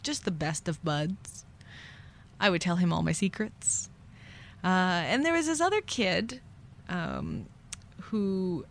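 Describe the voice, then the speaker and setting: Young adult woman, podcast host, lowish pitch, candid and rueful confessional storytelling. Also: a little hiss or hum. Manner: candid, rueful, acts out voices in quick whispers and shouts.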